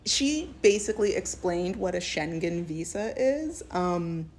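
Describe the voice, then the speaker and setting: A woman giving a sassy, animated storytime commentary, often slipping into voices of the people she describes. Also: lowish voice, unhurried, slight background noise. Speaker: video essayist.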